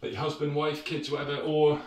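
A man's voice: on the high side, completely flat delivery, brisk. A British man leading a home workout, talking casually and encouragingly while slightly out of breath. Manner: casual, encouraging, loose phrasing. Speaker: fitness instructor. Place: room at home. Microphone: far camera mic. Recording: roomy, distant, noisy home video.

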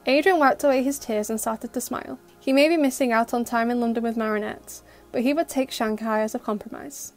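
Woman reading an audio story over soft music. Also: on the high side, a little fast, few pauses. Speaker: audio fic narrator. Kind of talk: storybook narration.

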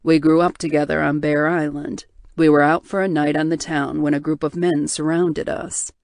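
A woman voicing a wounded, drugged male bear shifter in an audiobook, speaking slowly with heavy guilt. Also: low-pitched, level tone, vocal fry, a little mellow, no echo, pitched below the performer's own voice. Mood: weary. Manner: slow, heavy, guilt-laden. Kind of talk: audiobook character voice.

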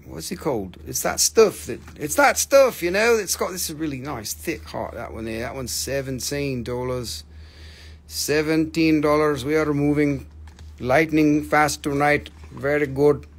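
A man's voice: a little high, a little slow. A man hosting a live rock sale, rambling and joking, often forgetting names and swearing casually. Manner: forgetful, filler-heavy. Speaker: host selling rocks on a live stream. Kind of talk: casual live sales chat.

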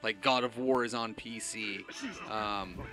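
A man's voice: fairly low pitch, steady tone, unhurried, music in the background. A man co-hosting a casual gaming stream, chatty and opinionated, swearing casually. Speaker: stream co-host.

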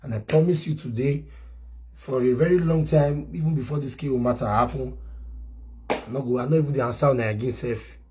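A man's voice: medium pitch, a little fast, darkish tone, a little hiss or hum. A man with a Nigerian accent delivering a pleading, repetitive apology, mixing Pidgin and Yoruba. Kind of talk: apology video monologue.

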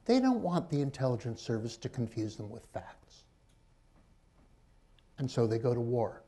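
A man's voice: medium pitch, normal speed, long pauses, warm tone. A man on a panel making emphatic points with rhetorical questions and wry asides. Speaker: author and journalist on a panel. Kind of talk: panel discussion.

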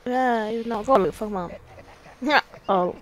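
A woman's voice: fairly high pitch, normal speed, a little hiss or hum. A young woman giving casual, sweary, joking commentary while playing a video game. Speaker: let's play host.

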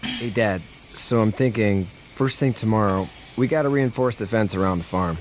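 A young actor playing a farmer's earnest son in a video game, talking in an earnest, urgent way. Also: male voice, fairly low pitch, normal speed, lightly acted. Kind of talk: game voice acting. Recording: game audio with loud cricket noise. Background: crickets and night ambience.

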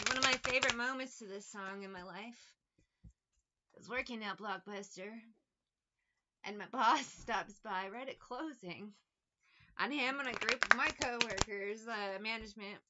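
A woman's voice: on the high side, normal speed, muffled recording, heavy background noise. A woman, a tarot reader chatting casually, rambling, laughing often and breaking into song. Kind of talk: casual chat. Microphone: phone.

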